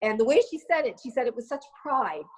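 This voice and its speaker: A woman's voice: a little high, a little fast, rough recording. A woman in her fifties, a co-host, telling personal stories in a casual conversation and often restarting her sentences. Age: 50s. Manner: animated anecdote-telling with frequent restarts. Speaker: co-host, lawyer and columnist.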